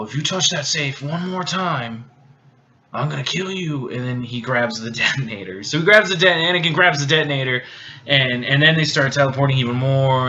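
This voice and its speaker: A drunk man stumbles through a movie plot, restarting sentences and filling gaps as he goes. His voice is bright and sharp, heard through a dull lo-fi recording with a faint background hiss. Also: medium pitch. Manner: halting, rambling, many restarts and fillers. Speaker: video host. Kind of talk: rambling movie plot retelling.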